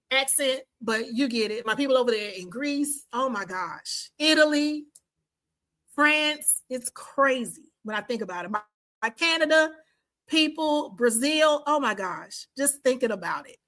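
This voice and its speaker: A woman's voice: high voice, expressive, a little slow, a bit bright, poor audio. A woman in her fifties hosting a faith-based podcast, talking enthusiastically and praying like a preacher. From Washington, D.C. and the Carolinas. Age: 50s. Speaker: podcast host. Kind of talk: podcast outro with prayer.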